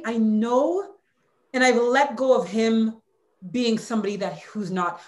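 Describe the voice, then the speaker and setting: A woman's voice: on the high side, normal speed, darkish tone, reverberant. A woman in her forties, an author speaking candidly and with heartfelt emotion in an interview. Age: 40s. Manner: candid and heartfelt, near tears at times. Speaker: author and former hurdler, guest.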